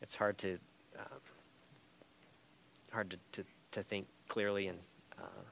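A man with a lowish voice leads a Bible class in a church room. He teaches conversationally and keeps checking in with "right?" and a soft chuckle. A faint hiss sits under the recording. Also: fairly even intonation, takes it slowly, creaky. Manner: tags points with "right?" and light chuckles.

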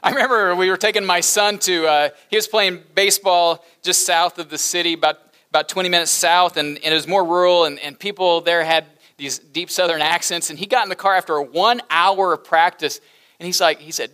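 A male pastor in middle age delivering a sermon with a high, bright voice. He moves between earnest teaching and playful, joking asides. His tone stays lively and engaging throughout. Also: moderate pace. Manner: animated, humorous asides with laughter.

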